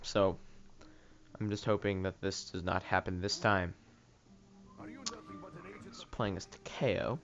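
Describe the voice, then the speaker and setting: A man's voice: low-pitched, little pitch movement, slow pace, pauses often, fairly bright tone, dull audio. A man doing casual commentary over an online game, sarcastic and ranting, swearing freely and joking about the other players. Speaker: gaming YouTuber.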